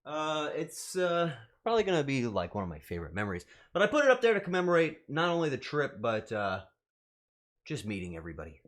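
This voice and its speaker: Young male streamer, slightly high voice, very expressive pitch, casual, profane, mock-outraged. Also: quick pace. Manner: animated, swearing, mock-outraged joking. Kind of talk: casual livestream chat.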